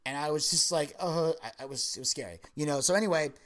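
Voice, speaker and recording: A woman in her thirties chatting on a podcast, telling stories in an animated, profane way with sudden high, loud outbursts. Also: fast. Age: 30s. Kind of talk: casual chat, storytelling.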